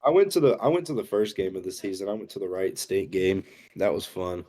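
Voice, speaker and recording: A man joining a casual sports podcast as a guest, an excitable fan who openly vents his frustration. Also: deep voice, a little fast.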